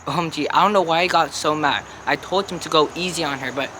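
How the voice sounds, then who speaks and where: A man's voice: on the high side, fast, noisy background, pitched above the performer's own voice, lightly acted. A teenage boy in a school video playing a gossipy, flustered noble mother.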